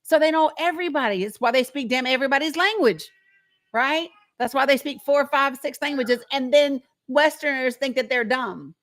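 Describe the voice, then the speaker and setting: A high-voiced woman with a Southern American accent hosts a live show, speaking bluntly and cursing freely. She laughs often and talks straight to her viewers as y'all. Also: normal speed, a bit bright. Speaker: talk show host. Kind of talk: live-stream commentary.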